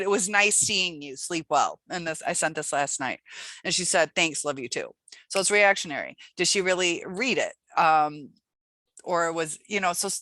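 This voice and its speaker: A woman's voice: on the low side, sharp tone, dry recording. A woman hosting her own channel, giving casual advice in a rambling way, with many fillers and restarts. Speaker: channel host.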